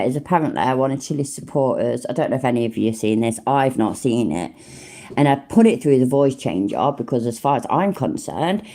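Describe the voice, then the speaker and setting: Sweary woman, mellow lively voice. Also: deep voice. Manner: blunt, sweary, sarcastic. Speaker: commentary channel host. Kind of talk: casual reaction commentary.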